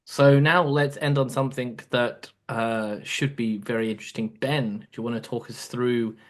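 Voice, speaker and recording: A man's voice: medium pitch, fairly even intonation, moderate pace. A man hosting a casual podcast, easygoing as he steers segments and wraps up the show. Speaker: podcast host.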